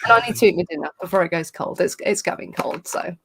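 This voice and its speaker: A woman's voice: lowish voice, a little fast, fairly bright tone, slight background noise. A woman joining a livestream as a guest, chatting casually, giggling and apologizing in a hurry. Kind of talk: casual chat.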